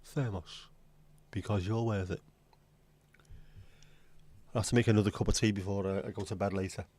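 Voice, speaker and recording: A man's voice: on the low side, steady tone, normal speed, a little mellow. A man hosting a casual livestream, chatting to viewers with crude, self-mocking jokes. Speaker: livestream host.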